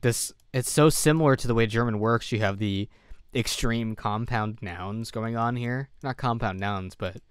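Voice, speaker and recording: A man's voice: on the low side, clear, resonant tone, no echo, studio quality. A man streaming from home, thinking aloud as he plays, second-guessing himself and sounding tired. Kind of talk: casual live-stream commentary while gaming.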